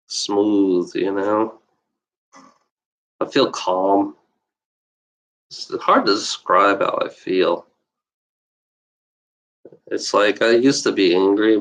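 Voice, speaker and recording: Poor audio carries this man's lowish, slightly bright voice as he rants unscripted to camera on a livestream. He swears a lot, goes over the same points repeatedly, and constantly adds "you know," all in a heated manner.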